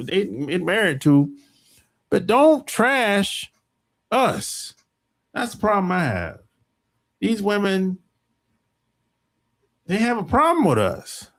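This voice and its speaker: An American man hosts a podcast in a loose, rambling monologue, swearing as he presses his points. His voice sits somewhat high and swings widely up and down, with a gravelly, creaky edge. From United States. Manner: rambling, emphatic, profane ranting. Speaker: podcast host. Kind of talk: casual opinion monologue.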